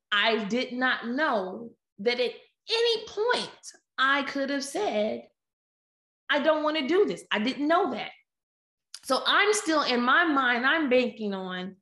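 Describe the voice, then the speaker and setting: A woman telling a personal story in a lively, animated way, acting out the quotes. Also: a little high. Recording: echoey room.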